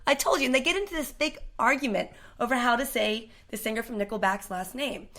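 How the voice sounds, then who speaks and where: A woman guest on a casual podcast, telling a rambling story with lots of laughter and a foul mouth. Her voice is bright and forceful and sits a little high. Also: a little fast. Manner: laughing storyteller, swears freely. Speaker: guest, musician.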